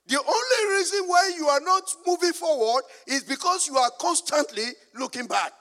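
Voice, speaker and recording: High-voiced Nigerian preacher in a hall. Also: male voice, expressive, moderate pace, hardly any pauses, sharp tone. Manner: call-and-response preaching, asking the congregation to finish his lines; storytelling with humor. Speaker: pastor. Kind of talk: sermon.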